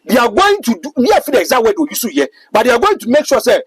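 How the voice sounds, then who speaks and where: A man's voice: very high voice, sing-song, fast talker, husky, no echo, low-quality recording. A Ghanaian man giving emphatic, preachy political commentary as a talk-show guest, switching between English and Twi.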